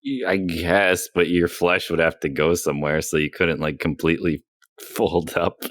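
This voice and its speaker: A man's voice: sits low, little pitch movement, normal speed, fairly bright tone, no echo. A young man in a casual podcast chat with friends, dry and laughing through his asides. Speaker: podcast co-host.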